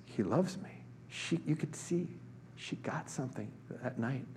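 A man's voice: medium pitch, lively intonation, measured pace, darkish tone, a little hiss or hum. A man preaching a sermon, telling a personal story in a conversational way with many fillers and restarts. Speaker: pastor.

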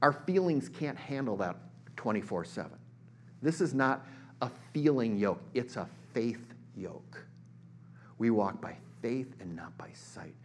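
A man's voice: lowish voice, expressive, a little slow, a little mellow, slight background noise. A middle-aged man preaching a sermon, moving between conversational storytelling and emphatic bursts.

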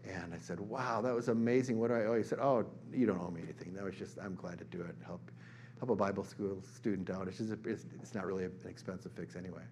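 A man's voice: deep voice, fast talker, darkish tone, slight background noise. A middle-aged man preaching a sermon, moving between conversational storytelling and emphatic bursts.

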